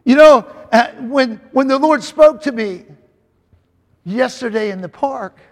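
A man's voice: very high-pitched, expressive, measured pace, long reverb tail. A man preaching a sermon, emphatic and repetitive, calling out to the congregation.

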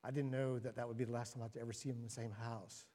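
A man preaching a sermon, moving from quiet and solemn to animated storytelling. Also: quick pace. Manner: animated storytelling, rising to excited, laughing highs. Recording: long reverb of a large hall.

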